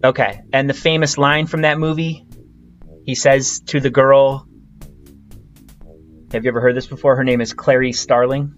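A man's voice: mid-range voice, flat delivery, moderate pace, long pauses, muffled recording, soft background music. A man hosting a podcast, chatting casually and quizzing his guest, with lots of fillers and restarts. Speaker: podcast host.

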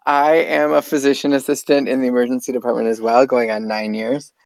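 A man's voice: medium pitch, little pitch movement, brisk, vocal fry. A man who works as an emergency physician assistant, chatting easily on a podcast and trailing off at times. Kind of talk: casual podcast chat.

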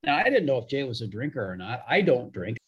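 A husky middle-aged man on a podcast, warmly spinning a long anecdote. His voice sits in an ordinary middle register with a slightly rough edge. He acts out the people he quotes as he goes. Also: medium pitch, sing-song, fast. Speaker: hockey broadcaster. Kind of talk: storytelling podcast interview.

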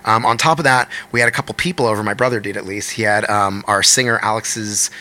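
A man, a musician, telling a story in a fast, animated podcast chat, with lots of swearing. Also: fairly low pitch. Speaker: guest musician.

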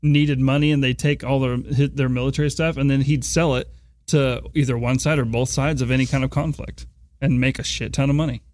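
A man's voice: medium pitch, steady tone, a little fast, a little mellow, dry recording, studio quality. A man in a casual chat who explains things at length and swears in passing.

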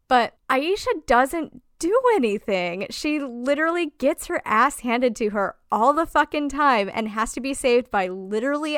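Woman co-host with a high, smooth voice, blunt and sweary, in a dry booth. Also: dry recording. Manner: blunt and profane, lots of fillers. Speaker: podcast co-host. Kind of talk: casual chat.

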